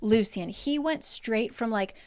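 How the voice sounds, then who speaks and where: Summarizing a book's plot in a chatty, casual way, this woman who makes book recaps says "like" constantly and swears now and then. Her voice is on the high side, a little slow and a little mellow.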